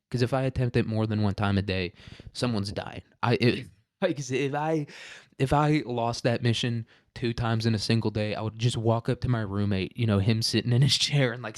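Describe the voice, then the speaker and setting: A man's voice: medium pitch, no room sound, studio quality. A young man with a nasal voice, rambling and swearing through a casual solo podcast rant, dropping "dude" and "like" and laughing often. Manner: says "dude" and "like" a lot. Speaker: podcast host.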